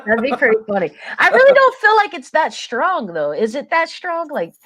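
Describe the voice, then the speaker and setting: A woman's voice: high voice, big pitch swings, moderate pace, a bit bright. A woman guest on a podcast, talking in a laid-back, plain-spoken, folksy way. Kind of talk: casual chat.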